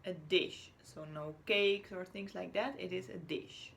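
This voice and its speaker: Slow, gravelly woman teacher. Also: lowish voice, a bit bright. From Chile. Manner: patient, drawn-out words, whispers or acts out words as examples. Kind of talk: slow, clear teaching to young children.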